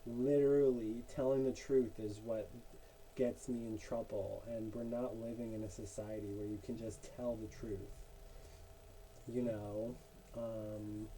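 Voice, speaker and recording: A man's voice: medium pitch, mellow, a little hiss or hum, rough recording. A young man in a casual monologue while drawing, rambling and venting his frustrations. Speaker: art vlogger.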